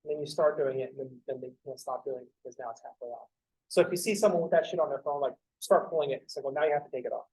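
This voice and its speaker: A man's voice: medium pitch, fairly even intonation, racing, darkish tone, slightly rough, low-quality recording. A young man lecturing math to a class, joking and rambling off topic, swearing casually as he goes.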